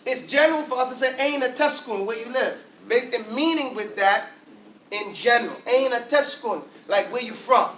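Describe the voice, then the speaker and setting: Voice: medium pitch, moderate pace, fairly bright tone, a little hiss or hum. An Arabic teacher, teaching a class casually in slangy talk and often checking that everyone follows. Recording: echoey room from far off.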